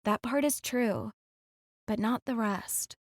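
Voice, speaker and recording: A young woman singer, read by a female audiobook narrator, pleading softly with an ex she hurt. Her voice sits a little high and earnest. The read is close and dry, with no room around it. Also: slow, dry recording. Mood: defensive. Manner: soft, pleading, defensive. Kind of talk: audiobook character dialogue. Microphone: close studio mic.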